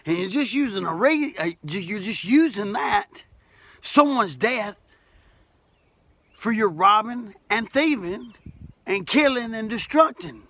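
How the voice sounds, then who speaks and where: A man's voice: sits high, lively intonation, unhurried, fairly bright tone. A middle-aged man with an Alabama accent, talking folksy and plainspoken straight to camera, repeating himself and rising to emphatic points. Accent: Southern US, Alabama. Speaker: masonry worker speaking to camera. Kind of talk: impassioned monologue to camera.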